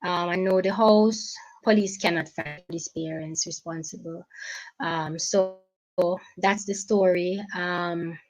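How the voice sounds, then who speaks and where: A woman with a Jamaican accent, a guest giving an emotional personal account in halting speech, often repeating and restarting her phrases. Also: on the low side, steady tone, low-quality recording.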